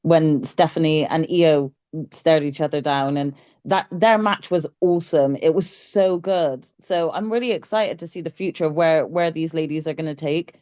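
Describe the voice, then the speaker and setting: A woman with a very low voice co-hosts a casual chat, gushing about what she loves with eager, run-on enthusiasm. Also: moderate pace, a little mellow. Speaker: podcast co-host.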